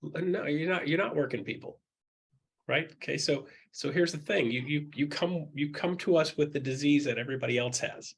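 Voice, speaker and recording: A man with a high-leaning, slightly rough voice and vocal fry speaks at a normal speed while coaching a group of real estate agents. He's blunt, jokey, and animated, acting out the voices he quotes and repeating his points.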